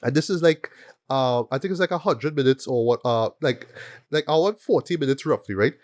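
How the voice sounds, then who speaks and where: Podcast host, male, mid pitch, animated, keeps checking in with "right?", dry sound. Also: brisk, no echo. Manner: animated, repeats words and asks "right?" often. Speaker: film review podcast host. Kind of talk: casual film review chat.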